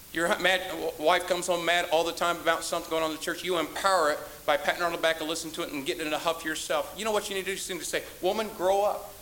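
A preacher man with a high, bright and forceful voice scolds his flock in a fiery sermon. His delivery swings from low warnings to shouted commands, and a faint hiss runs under the recording. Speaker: pastor.

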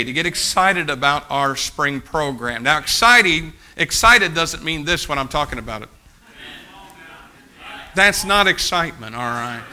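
Man, pastor preaching, fervent exhorting delivery, very bright voice, slightly raised pitch. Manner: fervent, exhorting, repetitive urging. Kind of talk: sermon.

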